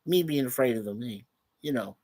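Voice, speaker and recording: A man's voice: medium pitch, lively intonation, a little fast, darkish tone. Chatty older man hosting a livestream. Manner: chatty, reads viewer messages aloud, chuckles often. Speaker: host. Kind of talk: casual livestream chat. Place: at home.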